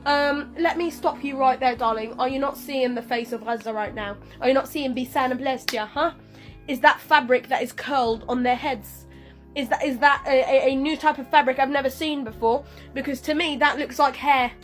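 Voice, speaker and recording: A young woman with a high voice talks straight to camera, sassy and lecturing, full of pointed rhetorical questions. Faint music plays under her voice. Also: fairly even intonation, moderate pace. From Palestine. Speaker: video creator. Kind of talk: speaking to camera over a speedpaint.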